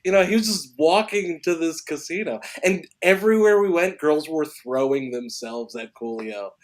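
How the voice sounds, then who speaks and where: Man, podcast guest, slightly high voice, excitable storyteller, laughs often. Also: normal speed. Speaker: actor and filmmaker guest. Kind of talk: animated anecdote telling on a podcast.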